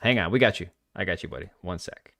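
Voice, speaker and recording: A man's voice: sits low, fast, gravelly, sharp tone. A young man hosting a casual gaming livestream, blunt and opinionated, often restarting his sentences. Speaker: livestream host.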